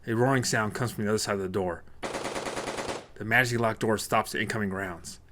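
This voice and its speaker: A man reads an action novel aloud in a low, steady voice. His reading is plain and even, with a faint hiss of noise behind it. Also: a little fast. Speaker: narrator. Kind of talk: audiobook narration.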